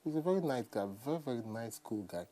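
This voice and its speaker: Fast-talking Nigerian man telling stories. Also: medium pitch. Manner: animated storyteller, acts out quotes, repeats "you understand". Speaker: musician guest. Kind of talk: casual interview chat.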